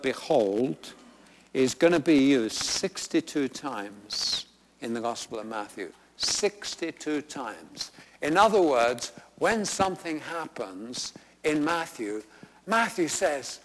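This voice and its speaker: A man teaches scripture to a gathered congregation, unhurried and conversational. He often lifts into emphatic, energetic bursts to stress a point. His voice carries a long reverb from the church hall around him. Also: mid-range voice. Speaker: Bible teacher. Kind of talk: Bible study teaching.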